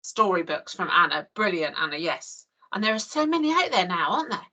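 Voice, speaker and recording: A woman's voice: on the low side, sing-song, brisk, sharp tone. An English woman leading an online training session over a video call, chatty and full of "you know". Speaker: early years trainer.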